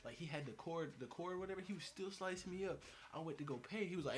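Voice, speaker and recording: Animated young man telling a comic story. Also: quick pace, heavy background noise. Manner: animated, slangy, jumps to high pitch acting out quotes. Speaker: vlogger storyteller.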